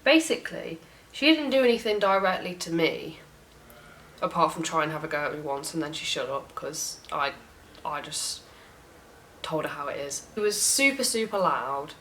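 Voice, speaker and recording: A young woman telling a story in a casual rant, frank and animated, swearing often. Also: low-pitched, moderate pace, slight background noise, poor audio. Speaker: vlogger.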